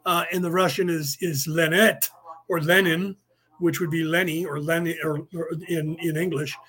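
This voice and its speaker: This man hosts a livestreamed class as a podcast host, his voice on the high side, a bit bright, with fairly even intonation at a moderate pace. The lecture is casual and rambling, with repetition and words spelled out letter by letter.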